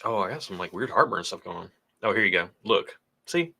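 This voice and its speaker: A man's voice: on the low side, animated, fairly quick, gravelly, sharp tone, breathy edge. A man co-hosting a whiskey livestream, chatting casually, joking and reading out viewer donations. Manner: laid-back, joking, chatty. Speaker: whiskey channel co-host.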